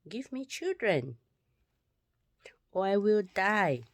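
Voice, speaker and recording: A woman's voice: mid-range voice, sing-song, slow. A woman reading the lines of a jealous, childless wife, in a plain, earnest voice. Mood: pleading.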